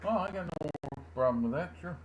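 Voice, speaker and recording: A man co-hosting a live stream, talking casually, halting and self-deprecating. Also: on the high side, expressive, background noise. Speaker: stream co-host. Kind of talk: casual chat.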